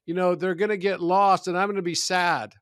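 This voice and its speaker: A man's voice: sits high, little pitch movement, fairly quick, a bit bright, smooth, no room sound, clean studio sound. A man voicing a pessimistic little boy who frets tearfully about losing his toys. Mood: fretful.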